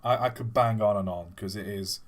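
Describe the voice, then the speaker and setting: A man's voice: lowish voice, fairly quick. A man hosting a livestream, chatting casually and telling an old joke, rambling and restarting his words. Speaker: livestream host.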